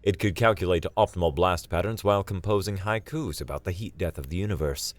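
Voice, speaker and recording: A man narrating a sci-fi story in a dry, steady storytelling manner. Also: deep voice, brisk, dry recording. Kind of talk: scripted narration.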